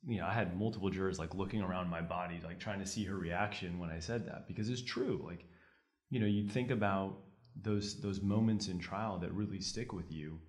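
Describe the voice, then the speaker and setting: A man's voice: sits low, fairly quick. A young man, a trial lawyer guest on a podcast, telling courtroom stories with energy. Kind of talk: conversational podcast interview.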